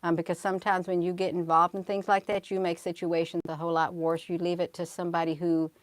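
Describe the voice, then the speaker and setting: A middle-aged woman who hosts a channel tells a spiritual story in a casual, earnest way, talking fast with a lowish voice and flat delivery. She often repeats herself and restarts sentences, drifting into preachy, prayerful speech, and there's no echo.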